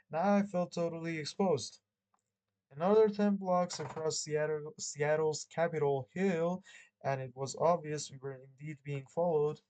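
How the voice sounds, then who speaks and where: A man's voice: fairly high pitch, a little mellow, rough recording. Rambling man reading a book aloud. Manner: rambling, self-correcting, laughs often. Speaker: channel host.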